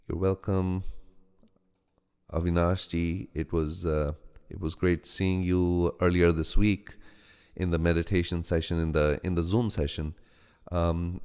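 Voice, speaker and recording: Low-voiced man with American-Indian accent. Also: clear, resonant tone, in a large hall. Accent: American-Indian mix. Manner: halting, frequent ums and restarts, greets each viewer warmly by name. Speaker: host of a live meditation stream. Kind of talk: live-stream greetings to viewers. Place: home studio.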